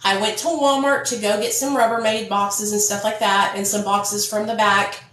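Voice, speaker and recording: A woman's voice: mid-range voice, steady tone, moderate pace, fairly bright tone, roomy sound, low-quality recording. A woman telling her own story to viewers in a casual, blunt, profane vlog. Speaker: vlogger.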